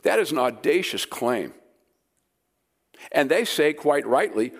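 A man's voice: on the high side, a little slow. A man delivers a sermon to a gathered audience. He talks in a casual, conversational way and stresses his main points with rising energy. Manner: conversational, emphatic, animated. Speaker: preacher. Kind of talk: sermon teaching. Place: room with a live audience.

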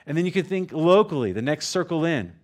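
A man's voice: on the high side, animated, fairly quick, a little mellow. A man preaching a sermon in a conversational way, with strings of rhetorical questions and frequent "right?" check-ins. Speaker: pastor.

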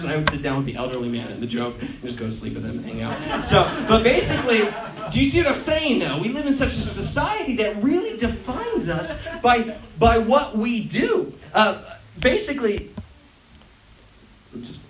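Animated man preaching in an echoey hall. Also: sits high, normal speed, a crowd in the background. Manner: casual and animated, acts out other people's voices. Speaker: pastor. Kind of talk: sermon. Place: church hall. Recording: echoey church hall from far off, faint hiss.

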